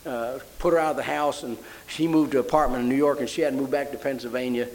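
A man's voice: fairly even intonation, quick pace, poor audio. An older man preaching a sermon, telling a story and rising into fervent praise. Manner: fervent, rising to high emotional exclamations.

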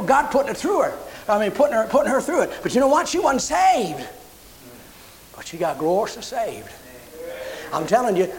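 A man's voice: high-pitched, vocal fry, low-quality recording. A man preaching a sermon, telling personal stories and acting out the voices in them. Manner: animated storyteller acting out quotes. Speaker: pastor.

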